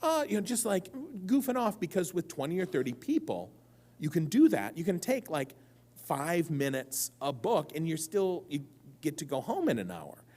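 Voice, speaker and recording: A man's voice: a little high, very animated, moderate pace, darkish tone. A man answering audience questions on a convention stage, telling rambling, self-mocking stories that keep wandering off track. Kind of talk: live convention Q&A storytelling.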